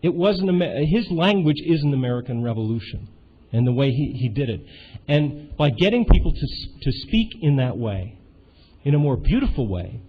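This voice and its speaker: A man talks to a seminar group in an unscripted, halting way, stopping to restart his sentences and hunting for words. His voice sits at an ordinary pitch. The recording is muffled, with a faint hiss behind him. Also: lively intonation. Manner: halting, frequent restarts and fillers. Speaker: seminar participant. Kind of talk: informal seminar talk.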